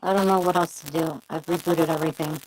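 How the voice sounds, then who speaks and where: A flustered, apologetic woman speaks as a guest on a livestream. Her voice sits low, and a faint hiss runs under it. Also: steady tone, fast talker, a little mellow, rough recording. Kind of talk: casual livestream chat.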